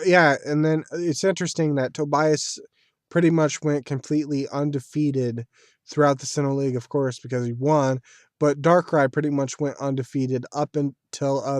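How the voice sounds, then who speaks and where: Reviewing an anime series, a male video creator gives casual solo commentary in a medium-pitched, slightly mellow voice. The recording is dry and studio quality, and he rambles chattily like a fan.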